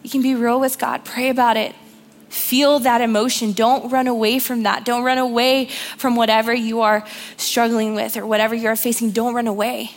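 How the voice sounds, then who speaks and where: A woman's voice: on the high side, flat delivery, moderate pace. A young woman giving an earnest, encouraging sermon in church, repeating phrases for emphasis. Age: young adult. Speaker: youth speaker giving the sermon.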